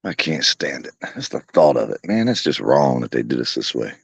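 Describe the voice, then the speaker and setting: Very deep gravelly man. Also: sing-song, moderate pace, no room sound. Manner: profane, folksy, laughing storyteller. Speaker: vlogger talking to his viewers and pets. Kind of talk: rambling casual porch chat. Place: outdoors on a home porch.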